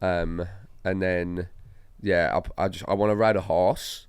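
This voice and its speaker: A man's voice: low-pitched, steady tone, unhurried, smooth, no room sound. Young Australian man, comedian guest, laid-back storyteller, casual swearing, dry close sound. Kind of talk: casual podcast chat.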